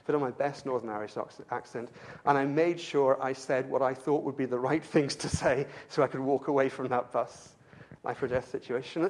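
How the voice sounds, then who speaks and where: Steady in tone and moderate in pace, an Englishman serving as pastor preaches with earnestness to his congregation. Stirred feeling makes him repeat words on the way to his point, and his voice rises higher with zeal.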